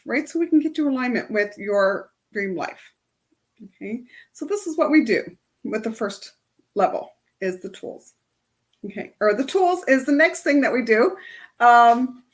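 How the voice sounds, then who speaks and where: A middle-aged woman life coach leading a self-help workshop in a casual, chatty way, often ending her points with "right?". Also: high voice. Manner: chatty, tags lines with "right?". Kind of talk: casual workshop talk to a group.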